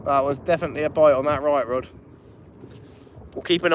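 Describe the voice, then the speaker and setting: A friendly man runs a live stream from a little inflatable boat out on a harbour at night. He chats easily and greets viewers one by one, his voice sitting slightly high. Wind buffets the action camera throughout. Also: steady tone, measured pace, long pauses. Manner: chatty, greets viewers by name. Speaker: fishing channel host. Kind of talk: live-streamed fishing chat. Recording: wind noise on an open boat. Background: wind and water.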